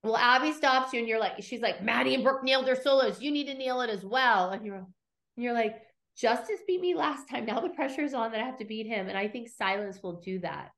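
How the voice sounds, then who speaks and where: Speaking at a fairly high pitch and a fairly quick clip, this middle-aged woman runs a podcast where she recaps episodes in a relaxed way. She performs the quotes with animation and doesn't hold back on swearing.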